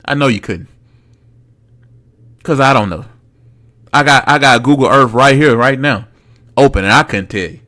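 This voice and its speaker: A man's voice: medium pitch, normal speed, pauses often. Slangy young man ranting on a podcast. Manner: blunt, slangy and mocking, swings loud and soft. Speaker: podcast host. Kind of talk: casual solo sports podcast rant.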